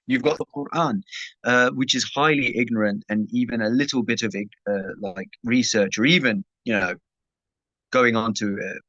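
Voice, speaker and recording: A man's voice: on the low side, fairly bright tone, dry recording. Man teaching casually, dull dry recording. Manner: conversational, checks in with "right?". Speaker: Islamic teacher answering questions.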